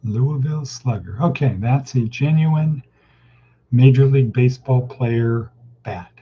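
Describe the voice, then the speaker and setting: In a dull, lo-fi recording, a man from California leads his casual morning motivational talk, wandering folksily from one subject to the next. He speaks in a mid-range voice, a little slowly, with a slightly rough edge.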